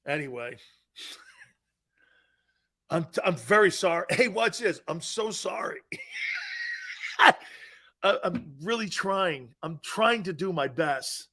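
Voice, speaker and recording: Middle-aged man, sports talk host, high voice, animated self-mocking stories. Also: slow pace, pauses often. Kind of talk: casual sports talk show.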